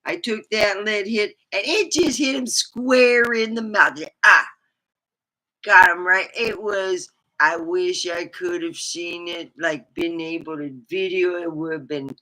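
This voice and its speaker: A middle-aged woman chatting on a casual livestream, rambling and animated, with sudden high whoops. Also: slow pace, rough recording. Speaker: livestreamer and comedy chat host.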